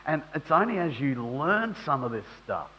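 Husky preacher giving a sermon. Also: male voice, fairly high pitch, very animated, moderate pace, sharp tone, rough recording. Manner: conversational, rising to emphatic bursts.

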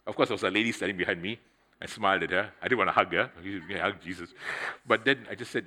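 A middle-aged man preaching a sermon, telling a personal story in a conversational, animated way and speaking straight to the congregation. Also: deep voice, racing. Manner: conversational, addresses the congregation directly; animated storytelling with swings in loudness.

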